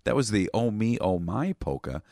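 A man's voice: fairly low pitch, big pitch swings, moderate pace, gravelly, dark tone, no echo, clean studio sound. A man co-hosting a radio show, chatting in an easygoing, agreeable way. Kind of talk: casual radio chat. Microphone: dry studio mic.

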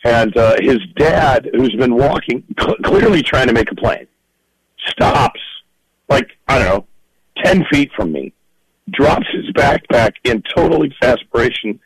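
Film director guest, animated storyteller, dry studio sound. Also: male voice, mid-range voice, measured pace, gravelly, breathy edge, dry recording, rough recording. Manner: animated anecdote telling, laughs often. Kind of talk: storytelling in a podcast interview.

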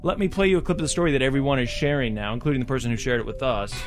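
A man's voice: medium pitch, lively intonation, racing, music in the background. A man hosting a podcast, retelling a story in casual chat and acting out the quoted voices. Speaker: podcast host.

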